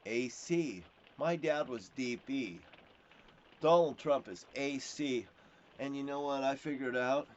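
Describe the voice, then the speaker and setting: A man's voice: mid-range voice, takes it slowly. Profane, rambling man on lo-fi audio. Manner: profane, swears constantly; rambling, jumps between topics. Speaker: self-proclaimed prophet. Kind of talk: rambling ranting monologue. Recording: dull lo-fi recording with faint hiss.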